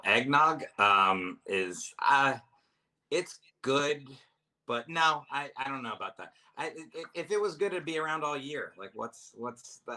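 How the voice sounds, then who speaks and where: A man's voice: mid-range voice, sharp tone. A man, a comedian guest in a casual chat, talking in a rambling, self-deprecating way with lots of restarts. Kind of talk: casual chat over drinks.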